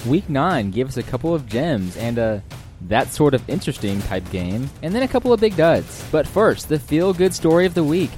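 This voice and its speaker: A man's voice: fairly high pitch, big pitch swings, normal speed, a little mellow, faint music behind. A man co-hosting a casual fantasy sports podcast, trading dry jokes and reading a weekly recap. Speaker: podcast co-host.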